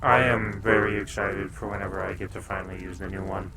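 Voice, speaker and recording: A man's voice: on the low side, monotone, fairly quick, noisy background. A man live-streaming at home in a laid-back, casual way, chatting to his viewers and telling his dogs to stop barking.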